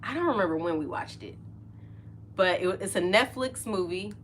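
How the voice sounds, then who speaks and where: A woman's voice: mid-range voice, expressive, normal speed, a little hiss or hum. A middle-aged woman hosting a podcast, chatting casually and openly, often laughing and trailing off mid-sentence. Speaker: podcast host. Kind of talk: casual chat.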